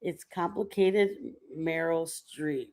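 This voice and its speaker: A woman's voice: deep voice, slow, darkish tone. Chatty middle-aged woman telling stories. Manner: rambling, chatty storytelling with many fillers. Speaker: livestream host. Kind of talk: casual chat.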